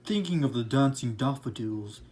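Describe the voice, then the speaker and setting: A man's voice: medium pitch, lively intonation, moderate pace, a little mellow, a little hiss or hum, natural voice. A man playing an earnest male romantic poet who speaks as a guest in a lecturing, explanatory way. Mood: explaining.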